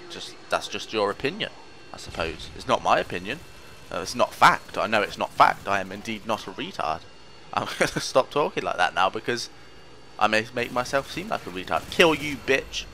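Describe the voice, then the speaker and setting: A man's voice: on the low side, bright, forceful tone, slight background noise. A man giving casual commentary over his own gameplay, rambling, mocking himself and trash-talking opponents. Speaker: gaming commentator.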